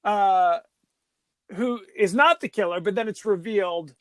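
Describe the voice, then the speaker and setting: A man's voice: high voice, measured pace, no echo. A man co-hosting a podcast, chatting casually and jokingly about a horror film, rambling with many restarts. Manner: rambling, jokey, lots of restarts. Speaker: podcast co-host. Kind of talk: casual movie discussion.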